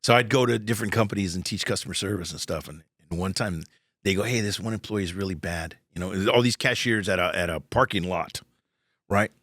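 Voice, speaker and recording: A man's voice: low voice, fairly quick, fairly bright tone, dry recording, studio quality. A male comedian, a podcast guest, telling rambling stories in casual chat, laughing and swearing along the way.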